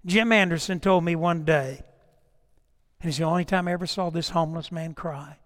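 A middle-aged man preaching a sermon with passion, swinging from loud declarations to hushed storytelling and repeating words as he goes. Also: fairly high pitch, moderate pace, big-room sound. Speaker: pastor.

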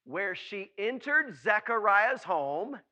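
A man preaching a sermon, animated, often calling out questions to his listeners and acting out the voices of people in his story. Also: sits high, takes it slowly.

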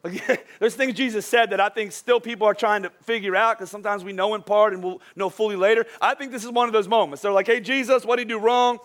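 A male pastor with a high-pitched voice preaches a sermon, his voice worn thin after a full day of speaking. He delivers it as lively, joking storytelling and turns soft and slow when the message turns serious. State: voice wearing out from a long day of preaching.

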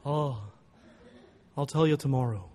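A man voicing an elderly Dutch professor whose big, slow voice is unusual after a voice box problem, teasing as he holds back answers. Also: medium pitch, darkish tone, big-room sound, a little hiss or hum, lightly acted.

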